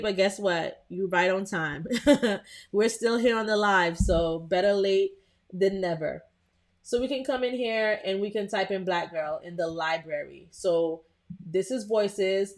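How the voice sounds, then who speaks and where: A young adult woman hosting a live tutorial in a casual, chatty way, talking to viewers and filling pauses with um. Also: medium pitch. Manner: chatty, talks to live viewers, frequent "um" and restarts.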